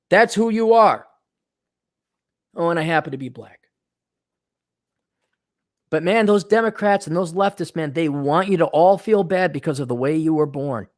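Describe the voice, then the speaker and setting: A man's voice: a little high, normal speed, long pauses, no room sound, studio quality. A middle-aged man giving a blunt, sarcastic opinion monologue as a commentator. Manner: sarcastic and blunt, mocks in put-on voices. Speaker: commentator reading and reacting.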